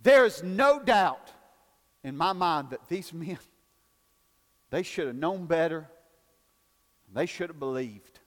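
A man preaching a folksy sermon, building to shouted emphasis and calling for amens in a church. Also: fairly high pitch, animated, slow, long pauses, in a large hall. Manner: folksy, rising to shouted emphasis, calls for amen.

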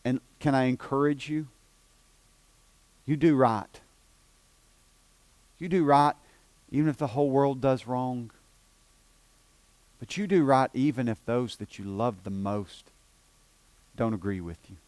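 A male pastor with an East Tennessee accent preaching in a church. He moves between quiet, low passages and loud, emphatic declarations. His voice sits at an ordinary male pitch, and the recording is close and dry. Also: normal speed, long pauses, dry recording. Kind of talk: sermon. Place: church sanctuary.

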